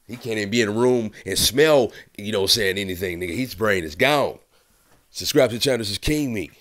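Low-voiced dude ranting on his channel, rambly, cussing, laughing as he scolds. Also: fairly quick, fairly bright tone. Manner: rambling, profane, laughing, chiding. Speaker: host. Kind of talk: casual commentary vlog.

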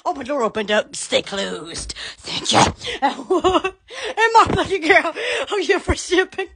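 A woman hosting a rambling live stream, giddy and laughing constantly, breaking into sudden shouts and squeals. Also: sits high, animated, slow pace.

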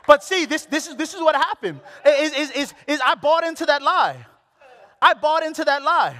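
A man's voice: very high voice, sing-song, moderate pace, pushed and bright, long reverb tail. A man preaching a sermon, candid and self-deprecating, often repeating phrases for emphasis. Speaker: pastor.

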